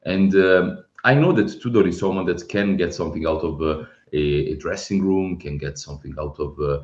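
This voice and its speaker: A man co-hosting a casual football podcast, talking in an animated, emphatic way and repeating words when he presses a point. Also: low voice, normal speed. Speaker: podcast co-host. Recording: roomy, slightly dull remote audio.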